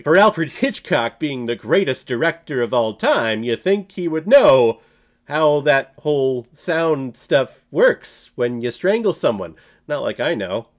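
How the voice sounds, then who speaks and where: A young man giving a casual, jokey spoken film review, laughing and sometimes bursting into loud shouted bits. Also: mid-range voice. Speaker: movie reviewer.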